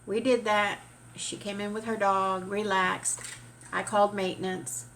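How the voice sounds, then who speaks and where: A woman vlogger telling a story in an animated, chatty way, with casual swearing. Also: mid-range voice, measured pace, a little hiss or hum.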